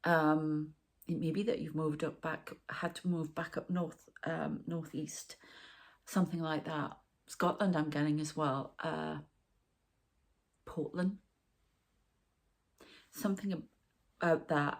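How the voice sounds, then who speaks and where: A woman's voice: deep voice, fairly even intonation, slow pace, pauses often. A middle-aged woman giving a rambling channelled tarot reading, talking to the viewer and aside to spirits. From northern England. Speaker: tarot reader and medium.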